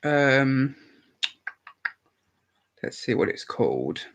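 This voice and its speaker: A man's voice: medium pitch, sing-song, very slow, gravelly, fairly bright tone, dull audio. A man rambling casually on a live stream, chatty and swearing freely.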